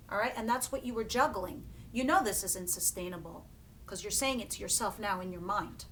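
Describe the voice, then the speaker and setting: Brief: woman tarot reader, casual and emphatic, salty language, faint rumble under her. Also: a little fast, a bit bright. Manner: chatty and emphatic, swears freely, laughs often. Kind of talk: casual tarot reading to camera.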